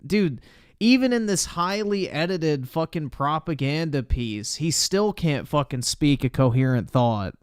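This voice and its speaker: Young man, streamer commentary, crude and mocking, slow drawl, dry close sound. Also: a little high, animated, smooth, no room sound. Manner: crude, mocking, swears a lot. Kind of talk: casual commentary.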